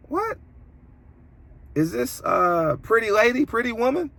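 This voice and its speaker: A man delivering an opinionated commentary monologue as a boxing commentator, preachy and emphatic, his voice jumping higher when indignant. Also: very animated, normal speed, vocal fry, long pauses, a bit bright, no room sound.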